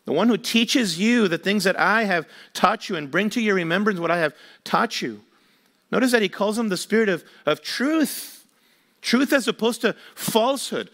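High-voiced man preaching a sermon. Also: fairly bright tone. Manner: emphatic preaching with rhetorical questions. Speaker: pastor.

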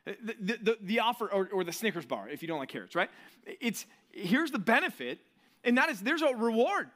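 Man, pastor, sermon, conversational, rhetorical questions, bright tense voice. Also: high-pitched, fairly quick. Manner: lively, conversational preaching with frequent rhetorical questions.

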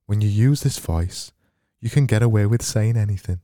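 A man hosting a solo comedy podcast, rambling deadpan and mocking himself, into a boom-arm mic. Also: moderate pace, dry recording, clean studio sound. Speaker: podcast host.

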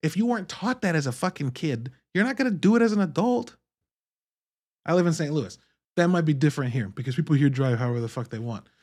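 A man in his thirties hosting a podcast, talking in a candid, profane, animated monologue. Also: on the high side, fast, breathy edge. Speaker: podcast host. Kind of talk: casual monologue.

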